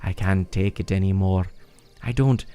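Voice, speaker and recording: A man voicing an eager young male bird-folk villager who complains in a high, excitable put-on voice. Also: moderate pace, smooth, close to an everyday voice. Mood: whiny. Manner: complaining, whiny.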